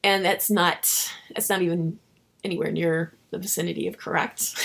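A woman novelist being interviewed, telling stories in an animated way and acting out her own dialogue. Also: lowish voice, normal speed, vocal fry. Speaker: novelist guest. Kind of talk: casual interview storytelling.

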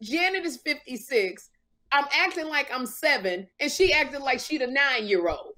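A lively woman in her fifties, her voice fairly high and swinging widely up and down as she tells stories. She hosts a casual talk show and tells them with emotion. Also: normal speed. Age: 50s. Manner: animated, emotional storyteller. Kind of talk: casual podcast chat.

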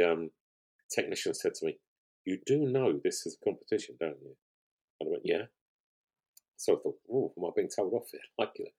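A man's voice: deep voice, a little mellow, husky. An older man, a guest on a podcast, telling stories in a rambling, conversational way with frequent restarts. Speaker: guest, pottery show finalist.

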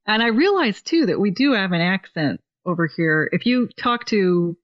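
A woman's voice: mid-range voice, lively intonation, normal speed. Chatty woman from Oregon, lo-fi sound. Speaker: guest musician. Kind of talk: casual podcast interview.

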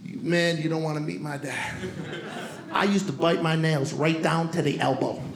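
A stand-up comedian from Brooklyn, telling streetwise stories with a punchy delivery. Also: male voice, a little high, fairly even intonation, normal speed, creaky, crowd noise. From Brooklyn, New York. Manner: streetwise, punchy, shouting into put-on voices. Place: comedy club stage. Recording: roomy live club recording with noise.

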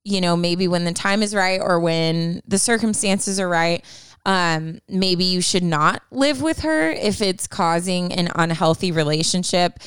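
A woman's voice: fairly low pitch, lively intonation, unhurried, clean tone, no room sound. A young woman in casual chat, giving candid advice with lots of fillers. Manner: candid, chatty, many fillers.

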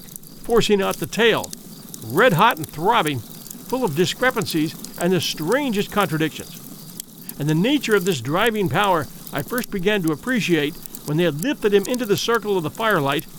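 Male audiobook narrator, high voice with lots of melody, dramatic storybook delivery. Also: fairly bright tone, slight background noise. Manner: measured, vivid, dramatic reading.

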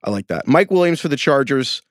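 A man co-hosting a casual sports podcast, talking in an animated, rambling, joking way. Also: medium pitch, a little fast, dry recording, clean studio sound. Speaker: podcast co-host. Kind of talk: casual chat.

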